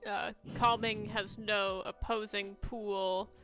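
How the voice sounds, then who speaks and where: A woman in a tabletop role-playing game, reading out game rules slowly and carefully. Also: mid-range voice, little pitch movement, bright, forceful tone, faint music behind. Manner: slow, measured reading of rules. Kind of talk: casual tabletop game chat.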